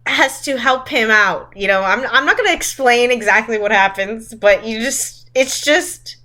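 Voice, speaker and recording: A woman's voice: fairly high pitch, moderate pace. A woman co-hosting a podcast, chatting casually and roasting a movie with lots of laughter. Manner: chatty, animated, laughs often. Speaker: podcast co-host.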